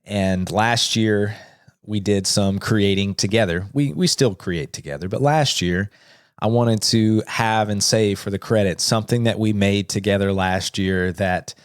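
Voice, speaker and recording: A man in his thirties with a lowish, clear, resonant voice speaks unhurriedly, with clean studio sound and no room noise. As host, he closes his comedy show sincerely and earnestly, adding joking asides, over soft outro music.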